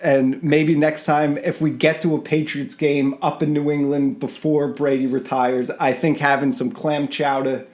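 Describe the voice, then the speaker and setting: A man's voice: a little high, flat delivery, unhurried, hardly any pauses, a little mellow. A man, co-hosting a podcast in easygoing, loose casual chat with frequent chuckles. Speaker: podcast co-host.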